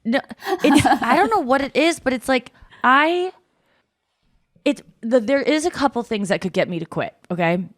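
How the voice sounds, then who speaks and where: A woman's voice: high voice, expressive, normal speed, no room sound, studio quality. A woman hosting a podcast, chatting casually and rambling in a self-mocking way. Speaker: podcast host. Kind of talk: casual chat.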